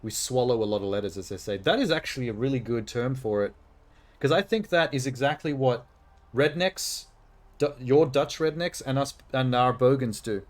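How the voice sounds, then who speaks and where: A man's voice: mid-range voice, moderate pace. A man from Australia with an Australian accent, casually chatting and laughing as he streams a game, swearing freely. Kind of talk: casual gameplay commentary.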